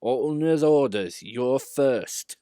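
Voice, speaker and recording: A man's voice: mid-range voice, slow pace, dark tone, clean tone, no room sound, clean studio sound, close to an everyday voice. A man voicing a no-nonsense male railway fireman who talks in a firm, matter-of-fact way.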